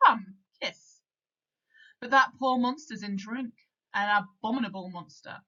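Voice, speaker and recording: A woman's voice: mid-range voice, measured pace, pushed and bright, muffled recording. A woman reading as Trinculo, mocking jester. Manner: plain reading aloud of verse.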